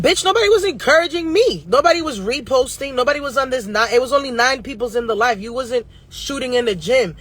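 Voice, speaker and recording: A woman giving a casual astrology reading who talks bluntly and profanely, going off on fast-ranting tangents. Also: high-pitched, expressive, a bit bright. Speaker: astrologer and tarot reader.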